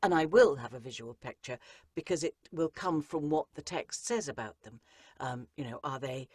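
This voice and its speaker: Rumbling low, husky and a little mellow, her voice moves at a moderate pace in this interview. She narrates and coaches audiobooks, and she explains the craft emphatically, repeating phrases for effect, in clean studio sound without room echo.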